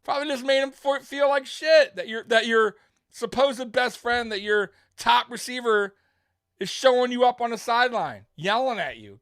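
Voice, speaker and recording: Heated sports host, dry close sound. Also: male voice, extremely high pitch, normal speed, a bit bright, no room sound. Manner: heated, rambling, talks straight to viewers. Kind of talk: live sports fan commentary.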